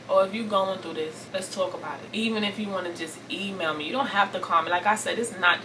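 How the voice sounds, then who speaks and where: A woman from Brooklyn in her thirties, venting on camera about family pain, raw and tearful, repeating herself as she swings from forceful to soft. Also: fairly low pitch, far from the mic, noisy background. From Brooklyn, New York. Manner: raw and tearful, repeating phrases, rising intensity then soft pleading. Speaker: vlogger. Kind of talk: emotional storytime vent to camera.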